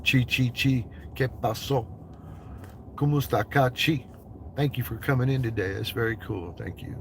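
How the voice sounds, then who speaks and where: A man's voice: mid-range voice, normal speed, a little hiss or hum. A man from the United States in a vehicle, chatting with his livestream viewers in loose, profane, joking banter. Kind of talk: casual livestream chat.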